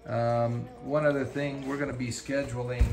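A man's voice: mid-range voice, little pitch movement, normal speed, creaky. A man who breeds dogs, chatting casually on a vlog and talking fondly to puppies, filmed on a handheld camera indoors. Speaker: dog breeder. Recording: noisy home video.

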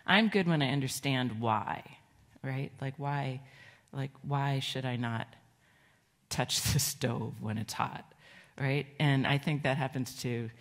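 A middle-aged woman pastor giving a children's sermon in a church, gentle and conversational, asking the children questions. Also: very deep voice, takes it slowly. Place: church sanctuary.

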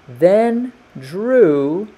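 A man reading a children's picture book aloud, slowing down and lifting his voice for the characters' lines. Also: high voice, breathy edge. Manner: slow, lively character voices in dialogue. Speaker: storyteller.

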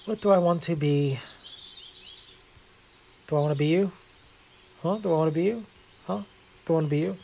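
A man's voice: on the high side, normal speed, vocal fry, pauses often, warm tone, slight background noise. A man hosting a casual gameplay video, chatting in a rambling, self-deprecating way with lots of fillers. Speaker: gaming video host.

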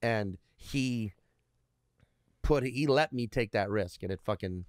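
A man's voice: mid-range voice, takes it slowly, a little mellow, dry recording, studio quality. A man in his thirties, a comedian guest, telling rambling stories in casual interview chat and swearing constantly. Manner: heavy swearing, rambling storyteller.

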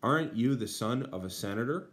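A man voicing a menacing bandit while reading a translation aloud, with pauses. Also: mid-range voice, lively intonation, voice pushed up, natural voice. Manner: read aloud with pauses, slow in places. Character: menacing male bandit, threatening a boy.

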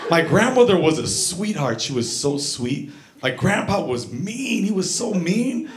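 Animated male stand-up comedian. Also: high-pitched, unhurried, over a noisy crowd. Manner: animated, acts out voices. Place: comedy club stage. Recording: echoey club with audience laughter.

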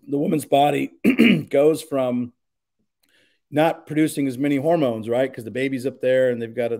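A man of middling pitch speaks as a pastor in a relaxed podcast chat. He is earnest and emphatic, working his thoughts out aloud as he goes. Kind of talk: casual podcast conversation.

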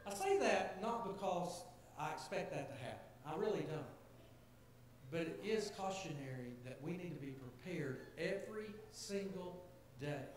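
Man, pastor, earnest conversational sermon, fairly high voice, very echoey church hall, faint hiss. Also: lively intonation, normal speed. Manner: earnest, conversational preaching with rising emphasis. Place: church sanctuary.

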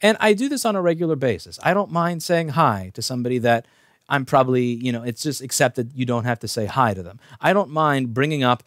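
A man talks straight to camera in a casual storytelling monologue, circling back and restarting his sentences as he goes. His tone is wry and offhand, and his pitch sits in an ordinary middle range. The sound is dry and close, with no room echo. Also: fairly quick, fairly bright tone. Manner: rambling and wry, with frequent restarts. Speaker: channel host.

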